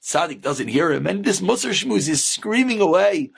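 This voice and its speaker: Rabbi storyteller, high and husky, animated. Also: male voice, normal speed. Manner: animated, acts out characters. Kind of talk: inspirational storytelling.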